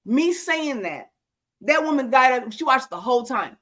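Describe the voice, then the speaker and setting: A woman's voice: sits high, moderate pace. A woman co-hosting a talk show on senior care, telling stories with exclamations, lots of fillers. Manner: animated, exclaiming, with many fillers. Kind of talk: casual storytelling chat.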